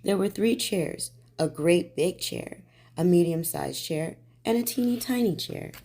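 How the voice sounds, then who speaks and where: A woman reading a bedtime storybook aloud in a gentle, soothing way. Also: on the low side, animated, a little slow.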